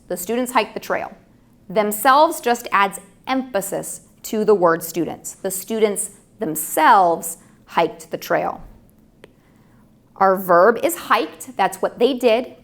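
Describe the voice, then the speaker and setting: A woman narrating a grammar lesson in a patient, explanatory way. She talks at a middle pitch and walks through each example step by step. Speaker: teacher.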